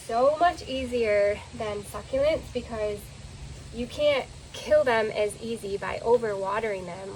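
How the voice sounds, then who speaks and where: A woman's voice: a little high, darkish tone, slight background noise, rough recording. A woman chatting enthusiastically as she vlogs about her plants and porch decorations outdoors, talking straight to her viewers. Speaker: home and garden vlogger. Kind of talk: casual vlog narration. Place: outdoors on a home deck and porch.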